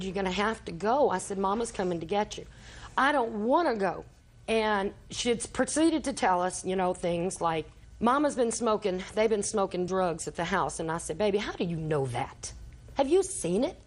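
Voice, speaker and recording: A woman's voice: mid-range voice, lively intonation, normal speed. An older woman giving courtroom testimony, telling a long story and acting out the quoted dialogue. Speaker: litigant in small claims court.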